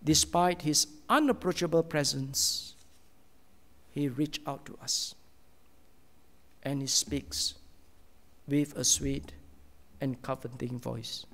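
A man preaching a sermon as a pastor, slow and earnest, with many pauses and often dropping to a soft, hushed tone. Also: fairly high pitch, long reverb tail.

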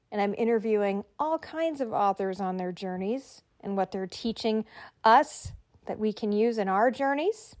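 A middle-aged woman hosting a podcast, giving writers friendly, conversational tips. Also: a little high. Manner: encouraging, conversational, tells listeners what to do. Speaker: podcast host and writing coach. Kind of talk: instructional podcast talk.

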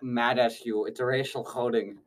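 A man's voice: medium pitch, little pitch movement, moderate pace, far from the mic. A man improvising a comedy interview as an evil scientist, rambling and goofy, often correcting himself.

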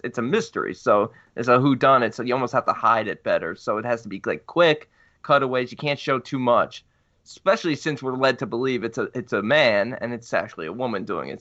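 A man's voice: medium pitch, pushed and bright. A man co-hosting a podcast, chatting casually about a horror movie with rambling restarts. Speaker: podcast co-host. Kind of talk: casual movie review chat. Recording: muffled lo-fi audio.

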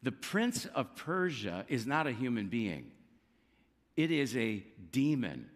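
A man preaching a sermon, telling a scripture story with lively emphasis and acting out quoted lines. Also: medium pitch, slow pace, big-room sound. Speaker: pastor.

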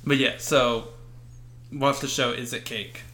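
A man's voice: mid-range voice, steady tone, a little slow, pushed and bright, a little hiss or hum. A man co-hosting a podcast in casual chat, rambling and hesitant with lots of fillers. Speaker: podcast co-host.

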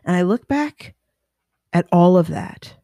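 A woman who runs her own business and speaks to motivate others, telling her story in a lively way and acting out the people she quotes. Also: fairly low pitch, slow, no echo, clean studio sound. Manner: animated, acts out quoted voices, restless self-correcting. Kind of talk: personal storytelling talk.

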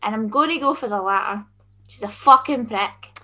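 High, bright sarcastic woman. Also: normal speed. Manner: crude, sarcastic. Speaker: podcast co-host.

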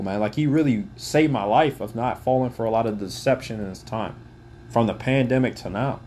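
A podcaster in his twenties, his medium-pitched voice darkish in tone, launches into an angry rant laced with frequent swearing. He addresses the listener directly, and there's slight background noise.

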